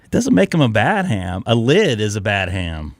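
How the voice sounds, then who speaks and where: A man's voice: lowish voice, huge pitch swings, moderate pace. A man hosting a ham radio live stream, chatting casually and telling rambling stories while losing his voice a little. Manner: rambling, storytelling, joking. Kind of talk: casual chat.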